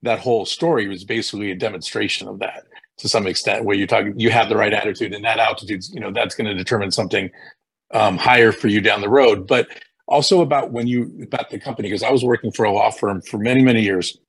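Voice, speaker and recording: A man from the audience speaking haltingly, repeating words as he shares his thanks. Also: lowish voice, fairly even intonation, slightly rough. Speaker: audience member. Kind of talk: sharing thanks at an event.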